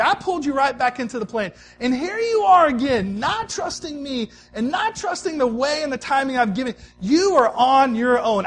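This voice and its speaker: A preacher voicing a fed-up, scolding God. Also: male voice, very high-pitched, a little hiss or hum. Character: exasperated God scolding a couple.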